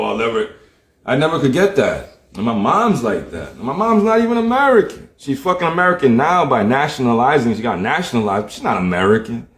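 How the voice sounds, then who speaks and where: A man giving a blunt, profane, slang-heavy casual rant, often repeating himself. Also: on the low side. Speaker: streamer. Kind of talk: casual ranting monologue. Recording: roomy echo.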